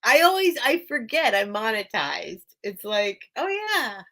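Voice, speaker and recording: A woman's slightly high voice is very animated, pushed and bright, and a little slow. She hosts a casual live-stream sale from a small home room with a towel under the door, chatting, losing focus easily, and laughing often.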